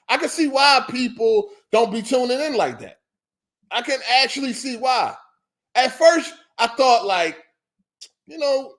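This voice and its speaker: A man's voice: extremely high pitch, a bit bright. A man hosting a podcast, ranting in a heated, profane and repetitive way. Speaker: podcast host. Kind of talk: ranting solo podcast monologue.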